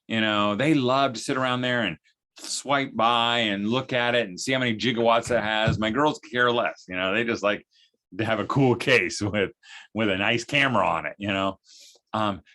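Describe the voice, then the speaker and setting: At a homeschooling event, a man tells parents funny, folksy stories peppered with vocal sound effects. His voice is medium-pitched and a bit bright.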